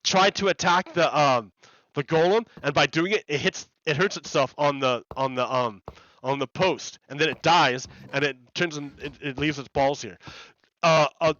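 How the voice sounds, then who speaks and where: A man's voice: fairly high pitch, bright, forceful tone, no room sound, lo-fi sound. A man chatting casually on a live game stream, rambling and repeating words as he explains ideas to his viewers. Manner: rambling, repeats words and restarts, laughs often.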